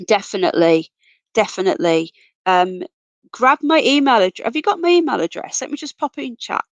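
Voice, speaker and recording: Woman with a husky failing voice. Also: a little high, animated, a little fast, no room sound. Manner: chatty, calls everyone darling and sweetheart. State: voice going, coming down with a cold. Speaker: livestream host. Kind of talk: casual live chat reading comments. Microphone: computer mic, off camera.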